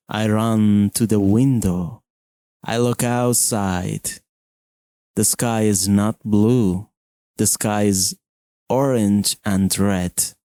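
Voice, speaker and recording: Very slow American man narrating a story. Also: lowish voice, mellow, no echo, studio quality. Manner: very slow, clear and simple phrasing.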